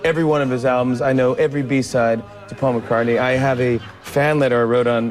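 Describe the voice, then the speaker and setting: A man in his thirties on a talk show, telling stories in an animated way, laughing often and slipping into sung bits and voices. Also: medium pitch, brisk, few pauses, soft background music. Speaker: comedian and talk show guest.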